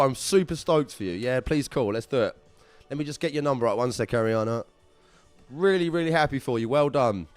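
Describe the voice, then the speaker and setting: A young man hosting a live prize draw, chatting excitably and swearing now and then. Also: medium pitch, clean tone, no echo. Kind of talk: casual livestream chat.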